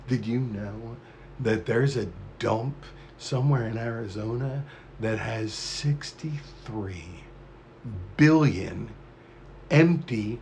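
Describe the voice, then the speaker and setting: A man's voice: mid-range voice, takes it slowly, a little mellow, slight background noise. A man hosting a live stream, rambling in a profane, conspiratorial monologue to his chat.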